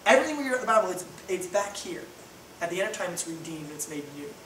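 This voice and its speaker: A man's voice: high-pitched, fast, slight background noise. A man preaching a sermon as pastor, telling stories with playful voiced asides. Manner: animated storytelling with voiced asides. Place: church hall. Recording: echoey hall from far off.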